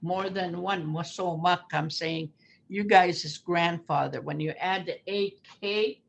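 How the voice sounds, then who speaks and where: A woman's voice: fairly low pitch, slow pace, gravelly. An older woman teaching a language lesson over a video call, patiently repeating words for her learners.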